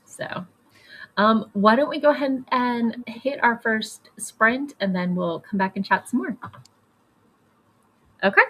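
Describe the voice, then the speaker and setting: A woman hosting a relaxed stream, telling stories in a chatty way and acting out what others said. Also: fairly high pitch, slow pace, long pauses. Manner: chatty storyteller, animated quoting. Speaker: stream host. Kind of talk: casual chat.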